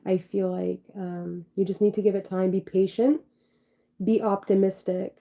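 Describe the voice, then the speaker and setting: A woman's voice: medium pitch, little pitch movement, moderate pace, gravelly. A young woman doing a casual tarot reading livestream, rambling, full of fillers and swearing offhandedly. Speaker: tarot reader. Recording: dull lo-fi sound.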